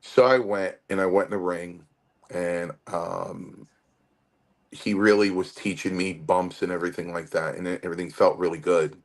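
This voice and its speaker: Low-voiced man, fifties, from Connecticut, rambling interview storyteller. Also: normal speed. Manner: rambling, animated storytelling with restarts. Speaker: guest wrestler.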